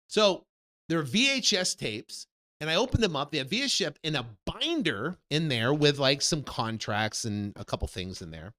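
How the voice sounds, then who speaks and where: A man in his fifties, a real estate coach, telling a personal story and acting out the dialogue with lively energy. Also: a little high, normal speed. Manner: animated storyteller who acts out quoted dialogue. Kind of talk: personal story told to an audience.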